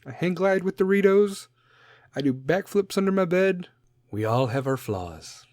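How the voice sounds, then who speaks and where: A man in his thirties hosting a podcast, rambling through a profane comedic monologue, laughing at his own jokes and swinging between loud outbursts and low mutters. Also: animated, unhurried, no echo, clean studio sound. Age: 30s. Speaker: podcast host.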